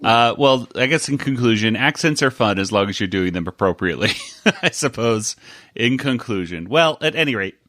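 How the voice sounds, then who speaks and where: A man's voice: medium pitch, expressive, moderate pace, a bit bright, dry recording. Rambling man hosting a podcast, dry sound. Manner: rambling, chuckling, many fillers. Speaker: podcast host. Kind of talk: casual chat.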